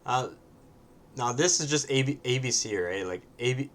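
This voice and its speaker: A man's voice: mid-range voice, lively intonation, normal speed. A man casually commenting on his own match, often ending points with a questioning "right?" and sometimes swearing bluntly.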